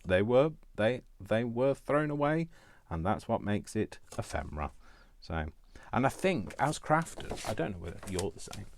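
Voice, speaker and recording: A man's voice: on the low side, sing-song, moderate pace, creaky, hardly any pauses. A middle-aged man hosting a casual crafting tutorial, rambling and mocking himself with chuckles.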